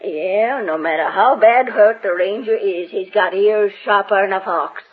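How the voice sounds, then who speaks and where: A woman's voice: mid-range voice, measured pace, slightly rough. A woman playing a bossy, scolding frontier ranch woman in a folksy drawl, in a 1940s radio drama. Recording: tinny old radio recording, faint hiss.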